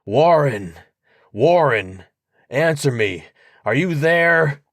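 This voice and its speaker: A man's voice: mid-range voice, big pitch swings, slow pace, no room sound, studio quality, voice pushed up. A man voicing a young man who calls out to his friend in desperation. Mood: desperate. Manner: shouting, urgent.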